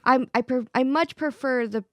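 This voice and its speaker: A woman's voice: high voice, normal speed, dry recording. A woman co-hosting a radio show, chatty, with hesitant starts. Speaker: co-host. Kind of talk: casual radio banter.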